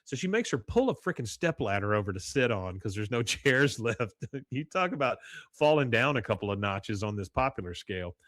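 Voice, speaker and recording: A man's voice: medium pitch, a little fast, no echo, studio quality. A man hosting a podcast, chatting casually as he retells a cartoon episode scene by scene with laughs. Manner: animated retelling, reads out quotes with laughs. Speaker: podcast host. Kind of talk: casual chat recapping an episode.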